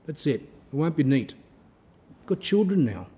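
A man's voice: fairly high pitch, sing-song, moderate pace, mellow, big-room sound. A man giving an informal religious talk in a conversational way, repeating key words for emphasis and telling everyday stories.

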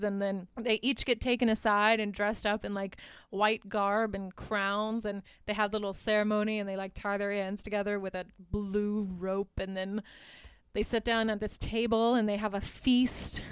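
A woman's voice: medium pitch, smooth, no room sound, studio quality. A woman hosting a podcast, casually recapping a movie in a chatty, amused way with lots of filler words. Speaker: podcast host.

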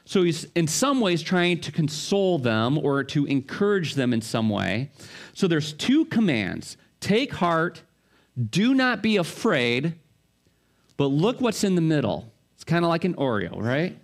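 A man's voice: on the high side, big pitch swings, a little slow. A middle-aged male pastor giving a sermon in a conversational way, full of rhetorical questions and family stories.

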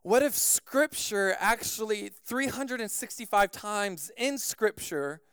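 A man preaching a sermon as pastor, telling a personal story in an animated way with frequent "like" fillers. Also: high voice, takes it slowly, clean tone, no room sound, studio quality.

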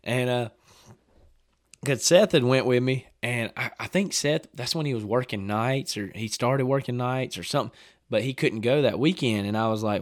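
Guy telling a hunting story, gets loud and excited acting out quotes, dry close mic. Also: mid-range voice, moderate pace, no room sound. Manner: animated storyteller, acts out quotes, laughs often. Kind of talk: casual chat.

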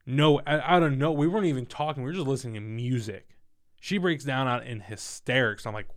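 A young man in his twenties telling a personal story in casual, profane, animated talk. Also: medium pitch, fairly quick. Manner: candid, profane, animated retelling.

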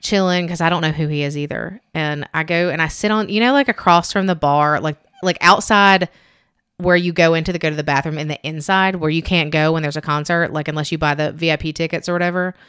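Woman podcast host, lowish smooth voice, rambling storyteller, dry sound. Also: steady tone, brisk, a bit bright, no room sound. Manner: rambling, chatty, heavy use of "like", acts out quotes. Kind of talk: casual chat, storytelling.

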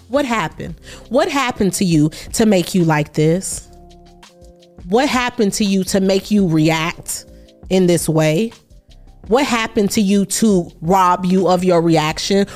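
A woman's voice: medium pitch, lively intonation, measured pace, darkish tone, faint music behind. A woman hosting a solo podcast in a reflective way, asking repeated emphatic rhetorical questions. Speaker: podcast host.

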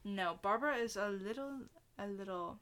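A woman hosting a laid-back true-crime podcast, telling the story in a casual way with quick asides and easy laughs. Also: mid-range voice, fairly bright tone. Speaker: podcast host.

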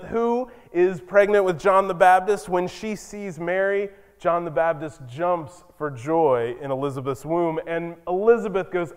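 A man's voice: sits high, a little slow, hardly any pauses, smooth. A male pastor preaching a sermon in a conversational, storytelling way with emphatic moments. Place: church sanctuary. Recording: long reverb in a church.

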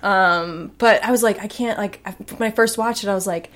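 A woman's voice: medium pitch, a little fast. A woman co-hosting a podcast in casual chat, talking loosely with frequent swearing. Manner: casual, swears freely, lots of fillers. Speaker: podcast co-host.

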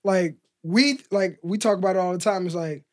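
Brief: male podcast co-host with a high voice, rambling casual talker, lots of "like". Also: moderate pace. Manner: rambling, heavy use of "like", acts out quoted exchanges. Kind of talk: casual chat.

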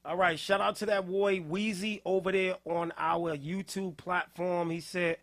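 High, bright-voiced man hosting between laughs. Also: steady tone, a little slow. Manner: laughs constantly, breaks into shouts, repeats "hey, yo". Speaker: podcast host reviewing music. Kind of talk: casual live-stream commentary.

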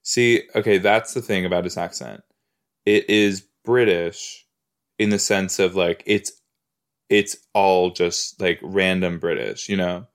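A man's voice: low-pitched, fairly even intonation, measured pace. A man hosting a podcast, casually reacting while he watches a TV episode. He rambles, fills his talk with "like" and "you know", and repeats his exclamations. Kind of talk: casual watch-along chat.

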